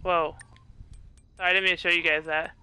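A woman's voice: fairly low pitch, level tone, brisk, bright, forceful tone, faint music behind, rough recording. A young woman hosting a casual live stream, teasing her friends, giggling and reading the chat aloud.

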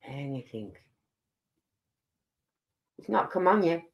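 An older live-stream host chats casually and at length. The talk wanders from topic to topic and keeps turning back to the audience. The voice sits at an ordinary middle pitch. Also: big pitch swings, slow, vocal fry, dull audio. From Birmingham, England. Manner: rambling, chatty, talks straight to viewers. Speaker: livestream host.

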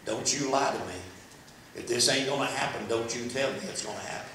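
Desperate mother in a sermon retelling, low insistent plea, a man doing it, heard from far off. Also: fairly even intonation, a little fast, bright, forceful tone, slight background noise, natural voice. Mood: pleading. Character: desperate pleading mother, middle-aged woman. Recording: echoey church from a distance.

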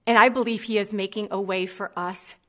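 A woman's voice: medium pitch, steady tone, fairly quick. A woman in her thirties giving a heartfelt, personal sermon. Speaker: preacher.

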